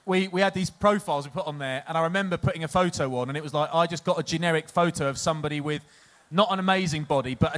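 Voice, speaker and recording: A man's voice: a little high, a bit bright. A man from England, co-hosting a live chat show, tells long, rambling anecdotes and laughs at his own punchlines. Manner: chatty, rambling storyteller, laughs at own stories. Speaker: podcast co-host, former rugby player. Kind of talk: casual anecdote-telling before a live audience.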